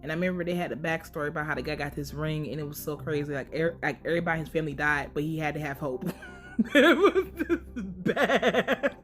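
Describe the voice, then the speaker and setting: A young woman with a deep, steady voice races through a casual TV series recap for her podcast, barely pausing. She swears freely, leans on slang and laughs often, with faint music playing behind her.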